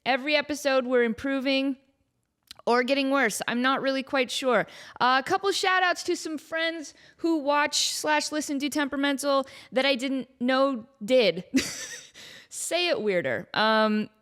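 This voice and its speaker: Woman, podcast host, casual solo chat, playful, self-mocking, slightly high pitch. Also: a little slow, a bit bright.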